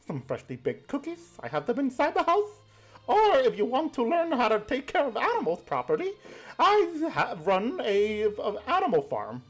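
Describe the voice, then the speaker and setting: A woman voicing a sweet, fussy old grandmother who runs a farm, in a doting, drawn-out singsong manner. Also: a little high, huge pitch swings, faint music behind, pitched above the performer's own voice. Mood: welcoming.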